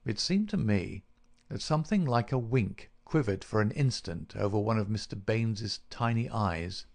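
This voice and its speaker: A man narrating a classic detective story in a measured, even way. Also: lowish voice, vocal fry. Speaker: audiobook narrator. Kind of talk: scripted narration.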